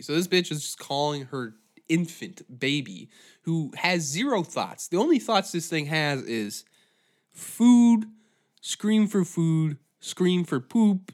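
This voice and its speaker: A man hosting a podcast who rants in a profane, rambling, animated way. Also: a little high. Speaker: podcast host. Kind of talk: comedic rant.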